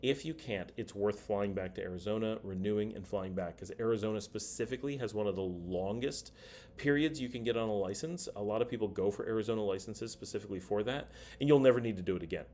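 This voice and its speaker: Chatty low-voiced man hosting a livestream. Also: fast, darkish tone, slight background noise. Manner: chatty, reads viewer comments aloud. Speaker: livestream host. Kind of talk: casual livestream chat.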